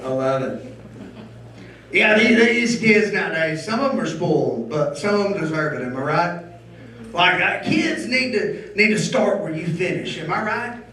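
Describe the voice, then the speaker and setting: A middle-aged man doing a loud, crude, crowd-baiting stand-up comedy set on a club stage. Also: high voice. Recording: roomy club sound from a distance.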